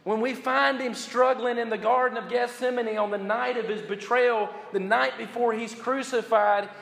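A man delivers a sermon in a fairly high voice, pressing key phrases with slow, drawn-out emphasis. His words ring out with a long reverb, as if spoken in a large church hall. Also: steady tone, gravelly, a bit bright. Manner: preaches with rising emphasis and slow repeated phrases. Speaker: pastor.

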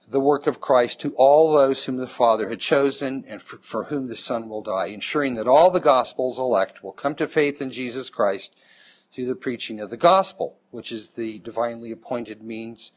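A man teaching a Bible class, explaining step by step and checking in with the class as he goes. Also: mid-range voice. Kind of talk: classroom lecture.

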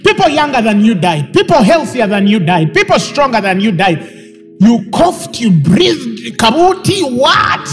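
A man preaches a sermon to a room full of people. His voice is strikingly high and very lively, and he builds emphatically into shouted, repeated lines. Music plays clearly behind him. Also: moderate pace. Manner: emphatic, rising to shouts, repetitive. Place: church hall with congregation.

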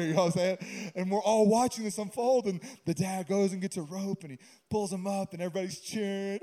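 A man's voice: high voice, brisk, few pauses, warm tone. A man pastor giving a sermon in a conversational way, with humorous asides and stories.

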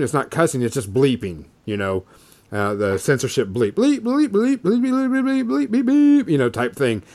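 A man in his thirties, a podcast co-host, telling a story in casual chat, rambling with lots of fillers. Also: medium pitch.

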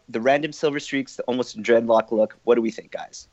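A man's voice: medium pitch, fairly even intonation, brisk, darkish tone, no room sound. Chatty male podcast host, dry lo-fi sound. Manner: chatty, laughs often, restarts phrases. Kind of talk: casual group discussion. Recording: dull, dry lo-fi audio.

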